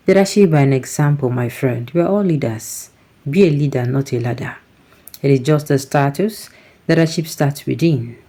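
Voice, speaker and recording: A man's voice: fairly high pitch, dark tone. Nigerian man giving heated news commentary. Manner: reads viewer comments, switching to Pidgin asides.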